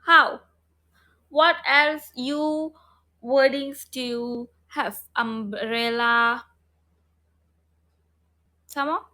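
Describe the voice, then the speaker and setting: A woman's voice: high voice, steady tone, takes it slowly, bright, forceful tone. A woman teaching an online phonics lesson, repeating letter sounds and prompting her students. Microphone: online class, video call.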